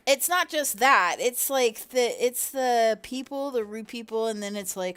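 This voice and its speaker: A woman's voice: fairly high pitch, expressive, a little slow, hardly any pauses, a bit bright, smooth. A woman in her thirties chatting on a livestream, rambling and profane with frequent laughter. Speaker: livestream host. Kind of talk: casual livestream chat.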